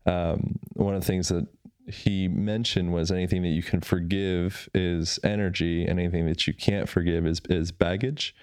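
A man's voice: deep voice, flat delivery, moderate pace, a little mellow, clean tone, no echo, clean studio sound. A man hosting a podcast, thinking aloud in a reflective, musing way. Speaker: podcast host. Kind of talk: casual interview conversation.

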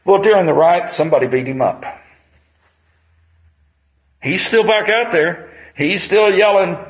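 A man's voice: fairly high pitch, animated, normal speed, rough recording. A man, preaching a sermon on a Bible passage in a conversational storytelling manner.

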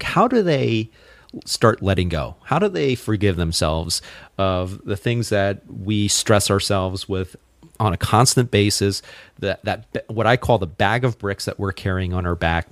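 A man's voice: low-pitched, no room sound. A man hosting a podcast interview, asking thoughtful questions in an eager, encouraging way. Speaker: podcast host.

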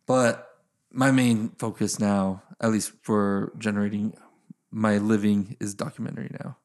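A young man from Idaho hosting a casual chat, animated and laughing often, cursing freely. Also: fairly low pitch, unhurried. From Idaho, United States. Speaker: podcast host.

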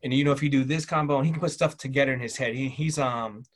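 A man in his thirties, raised in the American South, talking about his family as a guest in an easygoing conversation. His voice sits at an ordinary middle pitch. He rambles casually, with plenty of "um", "like" and "bro". He gets lively when he acts out what other people said. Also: fast. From Southern United States. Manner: loose and chatty, full of fillers and "bro", lively when quoting people. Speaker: guest, military father.

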